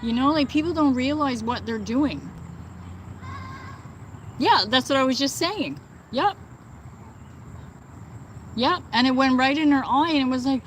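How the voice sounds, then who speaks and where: A woman with a fairly high voice chats indignantly on a casual livestream, answering her viewers as she goes. Her speech is loose and full of "like" and "you know". Faint outdoor noise stays in the background. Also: a little slow, pauses often, low-quality recording. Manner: chatty and indignant, with many fillers like "like" and "you know". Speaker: livestream host. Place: outdoors, within earshot of birds and thunder.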